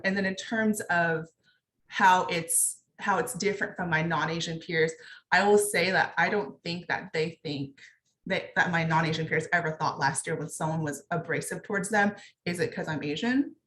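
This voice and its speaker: This is a young woman from Texas, talking openly on a panel. Her voice sits a little low, and she fills the pauses with "um" and "like." The room is echoey, with a faint hiss behind her. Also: fairly bright tone. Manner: candid, conversational, many fillers. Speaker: veterinarian panelist. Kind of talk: panel discussion, personal account.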